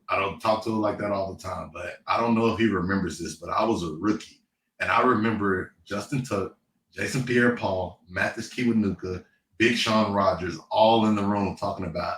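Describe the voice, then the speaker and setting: A man in his thirties, a former pro football player, telling lively stories with laughs and playful trash talk in a casual interview. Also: fairly low pitch, brisk. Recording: echoey room, distant mic, faint noise.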